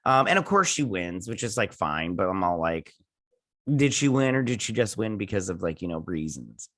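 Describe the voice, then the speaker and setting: A man's voice: sits low, very animated, moderate pace, fairly bright tone, no echo, studio quality. A man hosting a casual review, rambling through an episode recap and quoting characters with offhand jokes. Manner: rambling, quotes characters with "he's like"; offhand joking asides.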